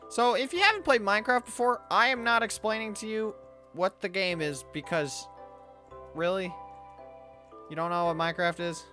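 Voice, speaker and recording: A young adult playing a video game alone and commenting, excitable, talking to the game's animals and yelping when startled. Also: medium pitch, moderate pace, faint music behind. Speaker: let's play gamer.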